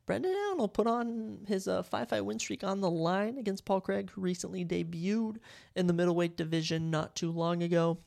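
Young male podcast host, gravelly voice, excitable and rambling delivery. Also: high-pitched, a little fast. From Minnesota. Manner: excitable, rambling, self-correcting. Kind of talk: casual solo podcast talk.

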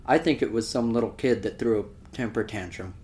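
A man's voice: on the low side, a little fast, darkish tone. A man co-hosting a podcast, talking casually and joking with easy laughter. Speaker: podcast co-host. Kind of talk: casual chat.

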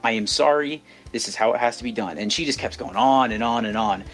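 A man's voice: medium pitch, a little fast, a bit bright, soft background music. A young man co-hosting a podcast, telling a story in casual chat, rambling with many restarts. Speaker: podcast co-host.

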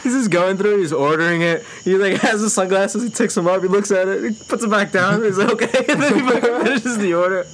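A young man with a high voice rattles through a long, swear-filled story at a quick pace with few pauses. He laughs frequently and acts out what people said in this casual chat, recorded with faint background noise.

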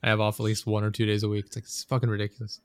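A man's voice: on the low side, monotone, very fast, smooth. A man in casual chat, rambling and swearing as he vents about a coworker. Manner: profane, venting, rambling storyteller.

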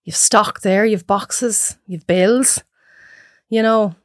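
Irish woman, 30s, guest; animated storyteller, dry close mic. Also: mid-range voice, slow, no echo. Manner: animated storyteller acting out quotes. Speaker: podcast guest. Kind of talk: casual chat.

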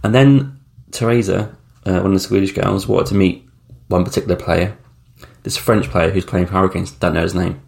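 A man's voice: sits low, steady tone, normal speed, vocal fry, darkish tone. A man in his thirties hosting a solo podcast, telling travel stories in a rambling, chatty way with blunt slang and frequent ums. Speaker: podcast host. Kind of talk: casual solo travel storytelling.

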